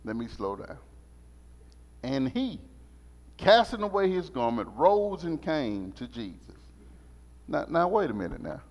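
Animated preacher in a church. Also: male voice, a little high, a little slow, pauses often. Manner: animated, call-and-response preaching, repeats phrases. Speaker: Sunday school teacher. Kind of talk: preached Sunday school lesson. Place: church sanctuary. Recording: muffled sound in a reverberant church.

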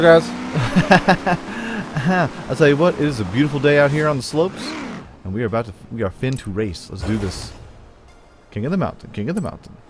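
A man giving playful let's-play commentary on a racing game, joking with his viewers and talking back to the game. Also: medium pitch. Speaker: gaming YouTuber. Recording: game music and car sounds behind. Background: game music and engine noise.

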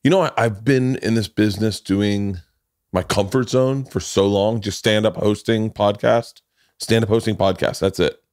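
This forties-aged podcast host tells meandering, foul-mouthed stories and cracks himself up along the way. He speaks at normal speed in a lowish, darkish voice with fairly even intonation. The sound is dry and clean, like a studio.

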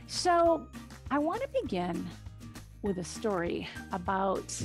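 A woman in her fifties, a registered dietitian, giving a lively live nutrition talk from her kitchen with enthusiastic cheers. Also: mid-range voice, slow pace, soft background music. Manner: upbeat and enthusiastic, with cheering exclamations. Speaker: registered dietitian and cooking show host. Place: home kitchen.

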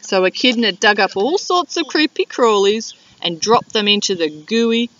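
Animated woman teacher reading aloud. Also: fairly high pitch, far from the mic. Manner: animated, drawn-out teacher talk. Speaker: primary school teacher. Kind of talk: reading a picture book to children on video. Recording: dull lo-fi video sound.

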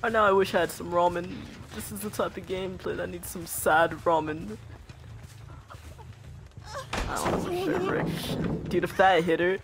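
A man's voice: sits high, lively intonation, brisk, few pauses, background noise. A young man giving casual gameplay commentary, tired and exasperated, talking at the other players and laughing often. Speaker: gaming youtuber. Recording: music playing under the voice. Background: background music.

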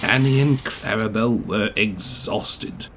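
A man narrating a children's storybook in a gentle, even storytelling voice. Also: on the low side, takes it slowly, very noisy. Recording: music playing behind.

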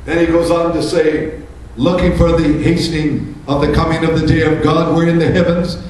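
A man preaches in a church, his voice sitting high and climbing with fervor as he fires off rhetorical questions. The sound carries a heavy room echo, and he stands some way from the mic. A faint hiss runs underneath. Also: flat delivery, moderate pace, darkish tone, distant mic. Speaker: pastor. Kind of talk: sermon.

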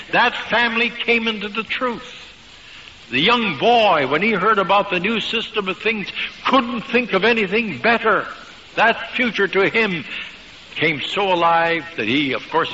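Man, sermon, emphatic storyteller, dramatic pauses, dull lo-fi sound, faint background hiss. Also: high-pitched, sharp tone. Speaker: preacher. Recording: dull lo-fi recording with long hall reverb.

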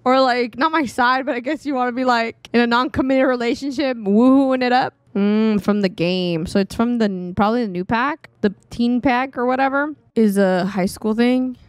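Chatty woman streamer, high voice. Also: normal speed, hardly any pauses, no room sound. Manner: chatty, exclaiming, laughs at the game. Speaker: gaming streamer. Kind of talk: casual let's-play commentary. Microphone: desktop studio mic.

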